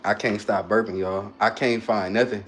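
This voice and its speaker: A man's voice: fairly low pitch, steady tone, normal speed, a crowd in the background. A man chatting casually on a phone livestream, joking and reading his chat aloud while queasy and burping after a hot sauce shot.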